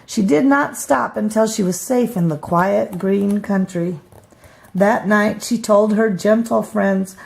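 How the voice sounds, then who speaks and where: Gravelly, slow-reading grandmother. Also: medium pitch, fairly even intonation, a little mellow. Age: older. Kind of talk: storybook read-aloud.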